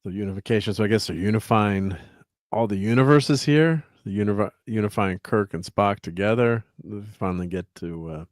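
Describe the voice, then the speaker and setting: Low-voiced man hosting a casual livestream. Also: normal speed, no room sound, studio quality. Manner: rambling, chuckling, filler-heavy while fiddling with slides. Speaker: host.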